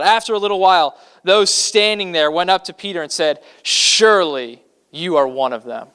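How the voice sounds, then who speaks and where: A man's voice: on the high side, lively intonation, moderate pace, bright, forceful tone, clean tone. A man from Kentucky, a pastor preaching a sermon in a conversational way, full of fillers, who acts out the scripture quotes dramatically.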